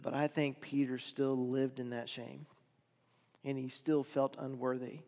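A man preaching a sermon, retelling a story with dramatic swings between loud and hushed delivery. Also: medium pitch, flat delivery, measured pace, long reverb tail.

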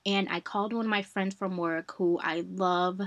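A young woman hosting a podcast, telling a personal story in a chatty, animated way and calling her listeners y'all. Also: on the low side, normal speed, no room sound. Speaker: podcast host.

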